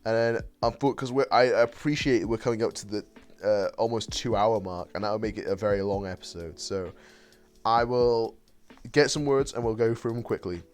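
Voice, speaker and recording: A man's voice: fairly low pitch, moderate pace, clean tone. A man hosting a casual podcast over a call. He laughs often, swears freely and stumbles over his restarts. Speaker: podcast host. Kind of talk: casual chat.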